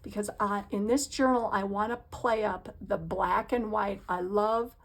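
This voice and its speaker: A woman hosts a crafting vlog from her craft room and chats in a relaxed, gushing way. Her voice has a gravelly fry to it. She takes her time, speaking slowly and unhurriedly. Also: mid-range voice. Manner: gushing, enthusiastic. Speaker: craft channel host. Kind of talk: casual crafting vlog chat.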